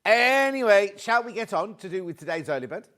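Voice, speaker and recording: A British man hosts a live shopping broadcast from a studio. His slightly raised voice is chatty and excitable. He rattles through prices and reads out viewer greetings. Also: high-pitched, fast talker. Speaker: shopping channel presenter. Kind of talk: live shopping show chat.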